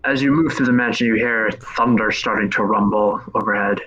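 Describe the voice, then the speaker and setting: A man narrating a tabletop game as game master, descriptive and relaxed. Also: on the low side, a little fast, muffled recording, crowd noise.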